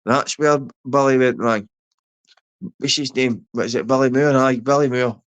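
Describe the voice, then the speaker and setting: Here a Scottish-accented man delivers a rambling livestream rant full of swearing and insults, naming viewers in chat as he goes. The voice is medium-pitched and slightly bright, with fairly even intonation at a moderate pace.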